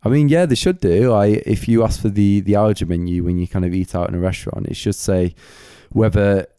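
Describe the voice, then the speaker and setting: A man's voice: lowish voice, fairly quick, mellow, smooth, dry recording, studio quality. A man hosting a solo Q&A podcast late at night, his voice going a bit, rambling with lots of filler words like "kind of" and "like". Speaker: podcast host.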